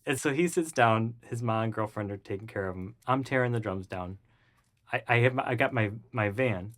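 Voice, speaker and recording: A man guest in an interview, telling a story casually and acting out the voices of the people in it. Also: brisk. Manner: animated, acts out the voices of people in his story; jumps high and loud when excited.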